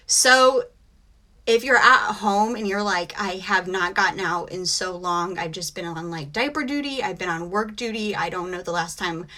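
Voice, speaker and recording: A woman's voice: mid-range voice, sharp tone. A woman in her thirties, worn out and close to tears, chatting casually with her viewers on a live stream. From United States. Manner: chatty and emotional, says she is close to tears. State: exhausted. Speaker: host of a reselling live stream.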